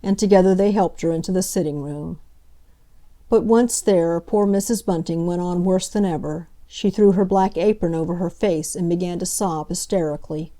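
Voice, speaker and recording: A woman narrating a classic novel as an audiobook, in a measured, dramatic storytelling manner. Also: on the low side, fairly even intonation, warm tone.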